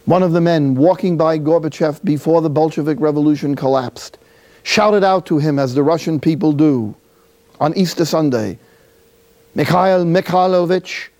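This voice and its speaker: A friar from City, preaching a sermon through a lively personal story with acted-out dialogue. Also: male voice, a little high, moderate pace. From Jersey City, New Jersey.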